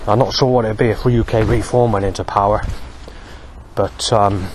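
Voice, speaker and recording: A man talking alone to camera in a rambling monologue, halting often to search for words. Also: on the low side, steady tone, darkish tone, a little hiss or hum. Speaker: vlogger.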